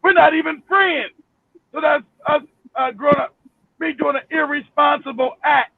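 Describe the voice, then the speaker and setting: A man telling his story in a heated talk-show discussion, animated, emphatic and swearing freely. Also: extremely high pitch, moderate pace, vocal fry, no echo. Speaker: panel guest. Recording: tinny phone line.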